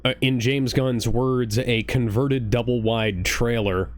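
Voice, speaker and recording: A man co-hosting a streamed reaction chat, talking in long earnest runs that double back on themselves. His voice sits at a middle pitch and sounds dry and close. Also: steady tone, slow pace, dry recording. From Ohio. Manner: rambling, restarts often, earnest. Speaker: podcast co-host. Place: home streaming setup.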